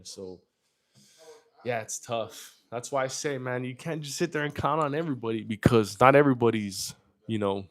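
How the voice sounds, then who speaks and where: Profane, casual man on a livestream. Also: medium pitch. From New York. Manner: loose and profane, reads chat aloud. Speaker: livestream host. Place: home in Texas.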